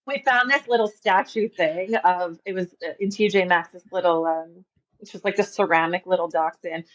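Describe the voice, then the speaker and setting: Chatty woman, low voice, lo-fi sound. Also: normal speed. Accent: faint New York. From Long Island, New York. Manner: chatty, laughs often, lots of "like". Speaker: podcast guest. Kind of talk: casual interview chat.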